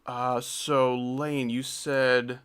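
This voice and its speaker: A young man's medium-pitched voice is clear, resonant, and a bit bright, with a level tone and drawn-out words. Chatting casually on a live stream, he rambles and jokes, now and then trailing off into mumbling.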